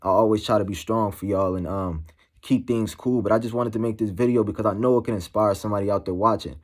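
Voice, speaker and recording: A man speaking candidly to camera as a motivational vlogger, halting and slangy, full of "you know" fillers. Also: on the low side, steady tone. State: emotional, shaken. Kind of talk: candid personal monologue to camera.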